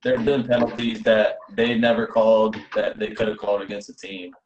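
A man co-hosting a casual sports podcast, calmly reasoning about referees and repeating his points. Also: on the low side, moderate pace, echoey room, lo-fi sound, noisy background. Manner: calm, reasoning, repeats himself. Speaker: podcast co-host.

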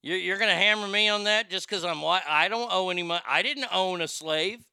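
A man's voice: high voice, brisk, creaky, pushed and bright, clear, resonant tone, no room sound, studio quality. A man hosting a livestream in a rambling, blunt, opinionated way while reading out chat comments. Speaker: show host.

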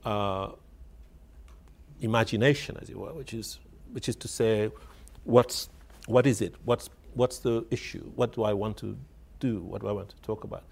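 This radio interview features an author whose voice sits on the low side, creaky, husky and darkish in tone, at a moderate pace. Telling his story hesitantly, he keeps repeating words to find his phrasing and laughs wryly along the way.

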